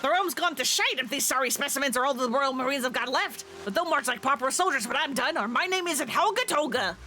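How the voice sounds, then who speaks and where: A woman reading out a gruff, scornful woman drill sergeant from a video game, barking orders. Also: high-pitched, expressive, fast, bright, forceful tone, faint music behind.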